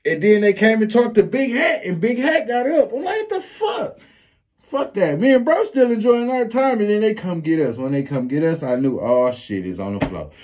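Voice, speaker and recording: Brief: man with a Flint accent, slightly high voice, loose profane storytime delivery. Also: fairly quick, few pauses. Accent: Flint, Michigan. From Flint, Michigan. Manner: animated street storytelling, profane slang. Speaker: storyteller vlogger. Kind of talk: casual storytime monologue.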